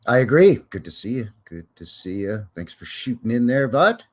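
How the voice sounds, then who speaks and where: A man's voice: medium pitch, big pitch swings, normal speed. A man hosting a casual live stream, chatting in a folksy, rambling way with jokes and cowboy slang.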